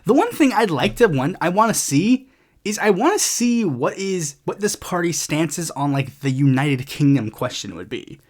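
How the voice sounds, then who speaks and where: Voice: mid-range voice, very animated. A podcast host giving casual political commentary in a rambling, sarcastic way, swearing often and full of fillers. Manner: acts out other people's lines in quick put-on voices.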